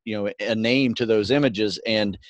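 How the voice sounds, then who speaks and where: A middle-aged man co-hosting a podcast, explaining things in a relaxed, casual way and often adding "you know" and "right". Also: on the low side, normal speed, no room sound, dull audio. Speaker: podcast co-host.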